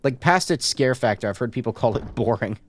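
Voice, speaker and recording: A man streaming a horror game, reading the on-screen notes aloud and tossing in joking asides in a casual, relaxed way. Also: mid-range voice, fairly quick.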